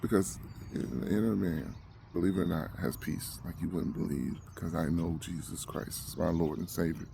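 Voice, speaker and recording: A man's voice: deep voice, steady tone, normal speed, creaky, warm tone, a little hiss or hum. A man ranting emotionally to the camera, agitated and short of breath, repeating himself as he talks. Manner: agitated, repetitive, heated. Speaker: vlogger.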